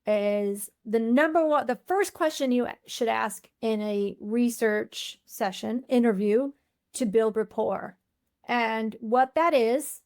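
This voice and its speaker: Woman podcast guest, higher voice, blunt and emphatic. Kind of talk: casual interview chat.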